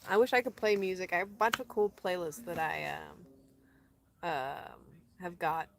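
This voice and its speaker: A woman's voice: fairly low pitch, normal speed, a bit bright. A woman chatting casually to her live viewers outdoors, rambling and correcting herself as she goes. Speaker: vlogger answering live chat. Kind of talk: casual livestream chat. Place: outdoors in the desert.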